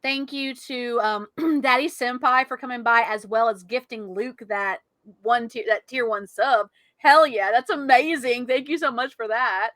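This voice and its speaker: Upbeat female co-host, bright tone, close dry sound. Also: fairly high pitch, a little slow, no echo. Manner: enthusiastic, laughs often. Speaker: podcast co-host. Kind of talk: casual chat.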